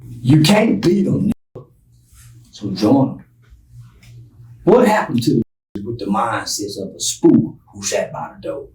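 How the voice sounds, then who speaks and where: A man's voice: mid-range voice, big pitch swings, unhurried, pauses often, darkish tone, recorded from a distance. A man giving blunt, lecturing opinions as a guest in an interview clip. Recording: roomy clip from off-mic.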